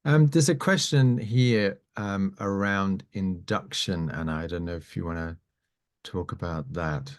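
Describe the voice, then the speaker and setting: A man hosting a live conversation, speaking hesitantly with frequent restarts and quiet affirmations. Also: sits low, measured pace. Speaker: host.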